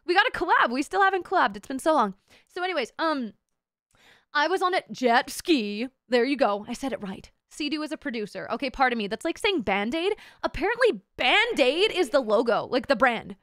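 High-pitched, loud, foul-mouthed young woman. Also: big pitch swings, brisk, no echo, clean studio sound. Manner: loud, rambling, swears a lot, laughs and shouts. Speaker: streamer. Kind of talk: casual chat.

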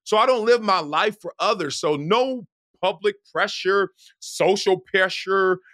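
A middle-aged man from Los Angeles, a guest telling stories in an animated way, laughing and acting out quotes with loud, high bursts. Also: unhurried, no room sound, studio quality. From Los Angeles, United States. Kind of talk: animated storytelling.

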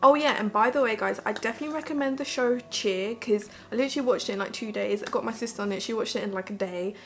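Woman, beauty vlogger, fairly high voice, gravelly fry, chatty, rambling, lots of "like", faint music behind. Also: fast talker. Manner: chatty, rambling, heavy use of "like". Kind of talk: casual get-ready-with-me chat.

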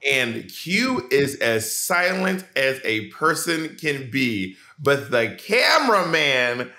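Casting note: a man, bright-toned sassy podcast co-host, playful teasing recap chat, remote mic. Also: mid-range voice, sing-song, slow pace. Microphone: remote video call mic.

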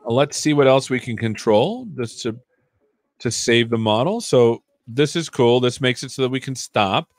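A man's voice: medium pitch, normal speed, dry recording, soft background music. A man hosting a live coding stream, chatting casually and joking while he thinks aloud.

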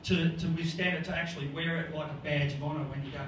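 A man's voice: on the high side, level tone, quick pace. A man with an Australian accent doing a rambling stand-up set, laughing at his own jokes. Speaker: stand-up comedian. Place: comedy club stage. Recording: echoey room, far mic, noisy.

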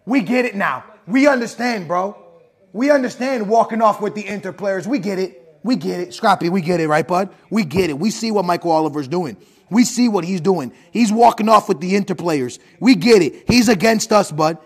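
A man's voice: high-pitched, normal speed, slightly rough. A man reacting live to a football match, ranting and swearing at the referee on screen. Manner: ranting, profane, talks at the screen.

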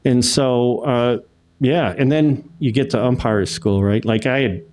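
Speaking a little slowly at medium pitch, this Connecticut man, a middle-aged former umpire, spins stories as an interview guest. The conversation is casual, and he performs each quote with animation.

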